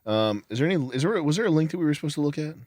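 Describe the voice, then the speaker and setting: A man hosting a stream, reacting with short, terse comments and quick questions in casual chat. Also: on the high side, expressive, a little mellow, no room sound, clean studio sound. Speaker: stream host.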